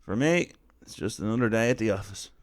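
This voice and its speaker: A man's voice: fairly low pitch, lively intonation, a little fast. A man in his thirties with an Irish accent, telling a comic story in a wry, self-deprecating, conversational way. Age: 30s. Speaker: comedian storyteller.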